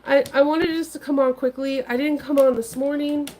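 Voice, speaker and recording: Casting: woman livestream host, slightly high voice, unwell, rambling chat full of ums, faint noise behind her. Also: steady tone, normal speed, mellow, low-quality recording. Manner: chatty, rambling, many ums. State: feeling unwell. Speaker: sewing and craft livestream host.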